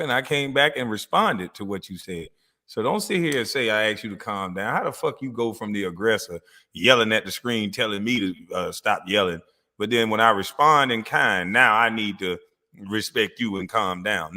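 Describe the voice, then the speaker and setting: Fiery, profane man with a bright voice. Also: lowish voice, in a large hall. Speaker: show host. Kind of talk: heated livestream talk.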